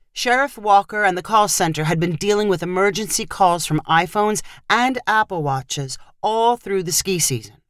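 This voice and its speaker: A woman narrating a fiction short story with expressive delivery. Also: medium pitch, moderate pace, no echo, studio quality.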